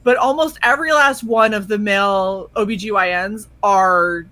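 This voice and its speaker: A young woman co-hosting a casual chat stream, telling animated stories with blunt, frequent swearing. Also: mid-range voice, normal speed, no room sound. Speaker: stream co-host.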